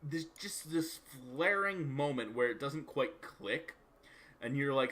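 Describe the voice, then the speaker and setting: A man acting as game master, narrating scenes and ruling on dice in a relaxed, searching way. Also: mid-range voice, takes it slowly.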